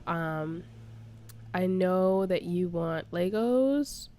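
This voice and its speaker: A young woman talking casually as a vlogger, telling a story in a chatty, animated way and laughing often. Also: on the low side, extremely slow, a little hiss or hum. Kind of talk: casual storytime while playing a building game.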